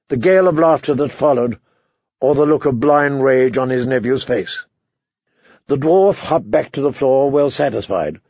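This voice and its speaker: A man narrating a fantasy novel as an audiobook, with measured, dramatic storytelling. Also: mid-range voice, a little mellow, dry recording. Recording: dull, muffled audiobook recording.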